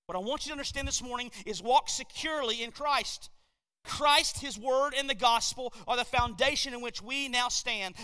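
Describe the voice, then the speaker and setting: High bright-voiced preacher in an echoey hall. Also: male voice, clean tone. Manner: preaching with swells from quiet to shouted emphasis. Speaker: pastor. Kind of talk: sermon. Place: church sanctuary at a podium.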